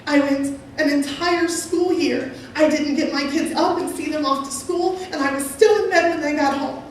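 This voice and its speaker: A woman sharing a personal testimony in an earnest, halting, heartfelt way, recorded from far off in a large hall. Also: high-pitched, fairly even intonation, slight background noise. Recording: very echoey, voice from far off.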